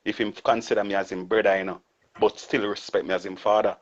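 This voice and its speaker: A man's voice: fairly low pitch, little pitch movement, quick pace. A middle-aged man with a Jamaican accent, talking reflectively as an interview guest and often closing on a tag question. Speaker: guest artist. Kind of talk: casual interview talk. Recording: muffled lo-fi audio.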